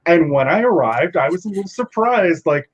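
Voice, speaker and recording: A man chatting casually, speaking in a lively, expressive way. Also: a little high, normal speed. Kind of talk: casual chat. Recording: dull lo-fi sound.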